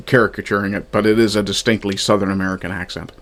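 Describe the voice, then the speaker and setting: Reviewing a fan film from his notes, a media reviewer thinks aloud casually, often using fillers and restarting. His voice is fairly low-pitched yet fairly bright, level in tone and quick in pace.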